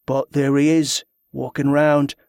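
A male narrator voicing a grim, cold-blooded smuggler who speaks in a flat, dead, bored voice with rough dialect. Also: mid-range voice, measured pace, no room sound, clean studio sound.

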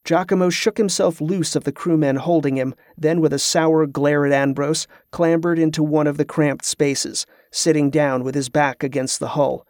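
A man narrating an adventure novel in an even, measured storytelling manner. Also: fairly high pitch, no room sound, studio quality. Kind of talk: audiobook narration.

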